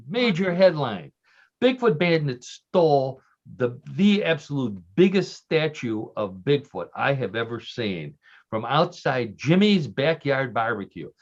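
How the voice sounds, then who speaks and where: A man telling offbeat stories in casual radio chat, joking and laughing along with his own tales. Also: mid-range voice. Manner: chatty storyteller, lots of fillers and restarts, laughs at own jokes. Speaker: regular radio show guest. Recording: dull lo-fi radio sound.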